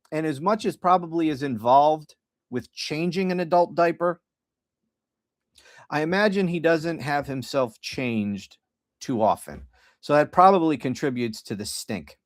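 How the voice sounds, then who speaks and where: A man's voice: on the high side, expressive, measured pace, no room sound, studio quality. A middle-aged man hosting a podcast livestream, talking casually in a rambling, sardonic and profane way. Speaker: podcast host.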